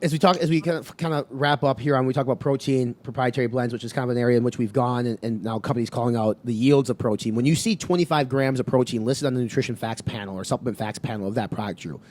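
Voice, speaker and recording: A man's voice: medium pitch, quick pace, few pauses, darkish tone. A man co-hosting a podcast, casually summing things up in plain terms. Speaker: podcast co-host.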